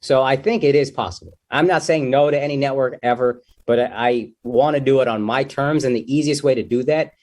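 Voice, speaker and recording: A young man talks as a guest comedian in a loose, casual interview. His voice sits in a middle pitch, and he jokes and riffs freely. He drops "dude" and "like" often. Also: fairly quick, few pauses, darkish tone. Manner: loose and joking, says "dude" and "like" a lot.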